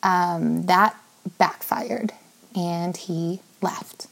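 Woman in her 30s telling her story straight to camera, gravelly fry in her voice, lots of likes and ums. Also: lowish voice, fairly even intonation, drawn-out words. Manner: candid, swears, many "like" and "um" fillers. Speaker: vlogger telling a personal story. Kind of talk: candid personal storytelling.

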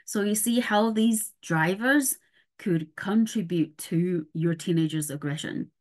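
Woman, middle-aged, parenting coach, podcast explainer, fairly low pitch, step-by-step, frequent check-ins. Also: a little slow, darkish tone.

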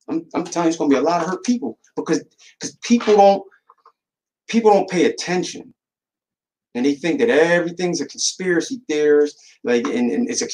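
A male podcast host delivers a casual, animated monologue in street slang, full of restarts and repeated words. His voice is on the high side, and the recording quality is low.

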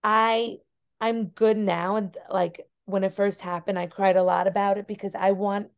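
A woman's voice: mid-range voice, little pitch movement, normal speed, gravelly. Earnest woman teacher telling a story. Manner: earnest, emotional storytelling with many fillers. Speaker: teacher and author, podcast guest. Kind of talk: casual interview conversation.

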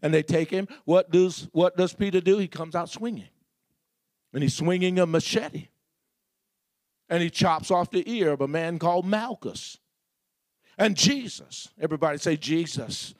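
A man's voice: on the high side, moderate pace, no echo, studio quality. A man preaching a sermon as pastor, building repeated refrains and asking the congregation questions.

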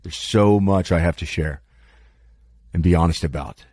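A man's voice: sits low, moderate pace, warm tone, husky, no echo. A man talking candidly about his life in a rambling, self-deprecating monologue, cursing freely, his mouth dry. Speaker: podcast host.

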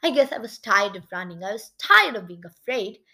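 A woman reading a children's storybook aloud, expressive, with chatty asides to listeners. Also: medium pitch, normal speed, rough recording. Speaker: audiobook reader.

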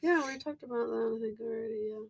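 A young adult woman co-hosting a podcast in casual chat. She is animated and giggly and swears freely. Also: a little high, fast, breathy edge. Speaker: podcast co-host.

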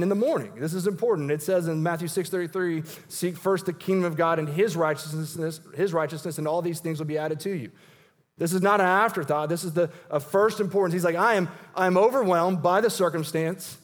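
Pastor, male, higher-pitched voice, earnest conversational sermon delivery with a long hall reverb. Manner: earnest, conversational preaching with frequent restarts. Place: church sanctuary.

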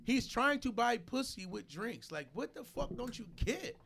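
Fired-up high-voiced man arguing. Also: moderate pace, creaky, slight background noise. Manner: animated, swearing, repeats himself when fired up. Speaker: podcast host. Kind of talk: heated casual podcast debate.

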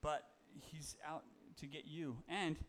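A man's voice: a little high, steady tone, slow, fairly bright tone, slight background noise. A man giving a casual, conversational sermon, reading Bible verses and talking them through with fillers and self-corrections. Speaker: preacher.

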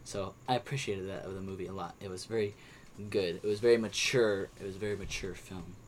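On a podcast, a young co-host chats casually about movies he watched, rambling with many restarts and fillers. His voice sits low with fairly even intonation, and he talks fast.

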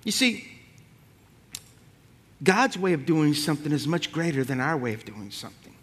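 Brief: male preacher, high voice, plainspoken and punchy, working the congregation. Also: sing-song, moderate pace, fairly bright tone, slightly rough. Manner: punchy, rhyming lines and audience call-outs. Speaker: pastor. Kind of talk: sermon.

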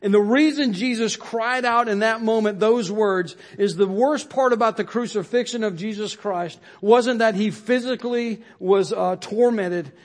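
A pastor with a fairly high male voice preaches earnestly to his congregation, repeating phrases for emphasis and letting each line sink at the end. His pace is moderate, with hardly any pauses.

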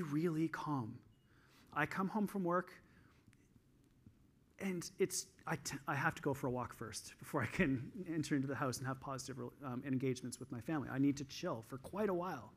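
Energetic Canadian man giving a keynote. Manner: highly energized, animated storytelling. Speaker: conference speaker and coach. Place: conference hall stage.

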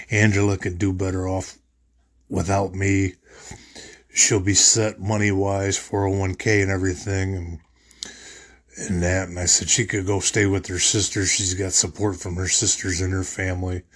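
A man's voice: deep voice, level tone, moderate pace, slightly rough. A man talking on his podcast in a rambling, emotional monologue, often repeating himself as he recounts his thoughts. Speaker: podcast host. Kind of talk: personal monologue.

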